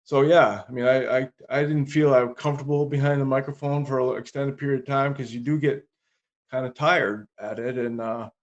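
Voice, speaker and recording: A man co-hosting a podcast, talking in a steady, reflective, casual way. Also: medium pitch, brisk, muffled recording. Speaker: podcast co-host. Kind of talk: casual conversation.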